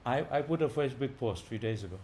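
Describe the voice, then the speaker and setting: Visiting speaker, male, energetic informal class, light background noise. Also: medium pitch, racing. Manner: animated, rising loud for emphasis, chuckling.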